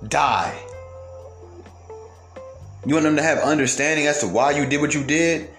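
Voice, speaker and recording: A man's voice: a little high, moderate pace, a bit bright. A man delivering a heated, profane monologue to his viewers, firing off rhetorical questions. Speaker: commentator. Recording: roomy echo, faint music behind.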